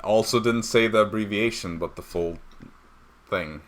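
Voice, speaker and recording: A man's voice: lowish voice, moderate pace. A young man narrating as dungeon master of a tabletop game, hesitant with many fillers. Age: young adult.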